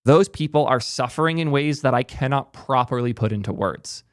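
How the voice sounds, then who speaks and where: A man's voice: mid-range voice, no room sound, studio quality. A young man hosting a tech channel, giving opinionated, emphatic commentary in a ranting style. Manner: emphatic, ranting, rapid asides. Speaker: tech YouTuber host.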